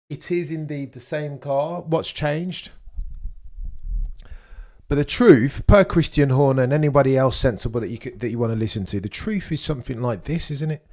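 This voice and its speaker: A man's voice: mid-range voice, a little mellow. A young man hosting a casual live watchalong stream, chatting and answering viewers' messages as he talks. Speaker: livestream host.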